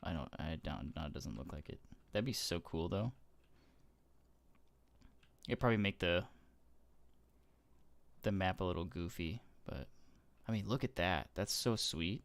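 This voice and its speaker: A man's voice: deep voice, animated, measured pace, pauses often. Gushing man murmuring over a game. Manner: gushing, awed, often trails off into soft murmurs. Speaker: gaming YouTuber. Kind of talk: casual gameplay commentary.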